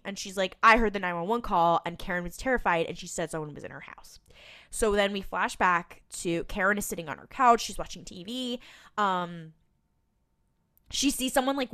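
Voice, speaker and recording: Smooth, crisp-voiced woman recapping casually. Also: fairly low pitch, bright, forceful tone. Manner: chatty, retells scenes in quoted voices, swears. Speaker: podcast co-host.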